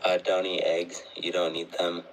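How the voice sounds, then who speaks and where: A man's voice: deep voice, completely flat delivery, moderate pace, vocal fry, a little hiss or hum. A man joining a live stream as a guest, reading a card aloud hesitantly and then asking a question.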